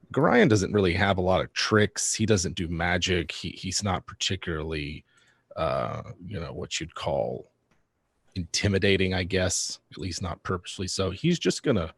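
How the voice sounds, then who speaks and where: A man playing a tabletop game, talking in a thoughtful, halting way and correcting himself. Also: low-pitched, husky, no echo. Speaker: player. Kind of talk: casual tabletop play.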